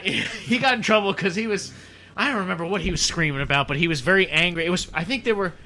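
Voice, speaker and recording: High, bright-voiced man hosting a chat. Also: quick pace. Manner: swears a lot, animated, restarts often. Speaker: podcast host. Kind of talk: casual chat.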